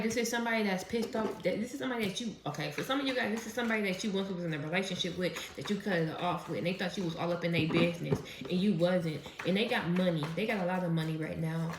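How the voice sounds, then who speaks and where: A woman's voice: lowish voice, noisy background. A woman doing a casual tarot reading, chatty and profane, who laughs often as she talks. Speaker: tarot reader. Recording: roomy echo.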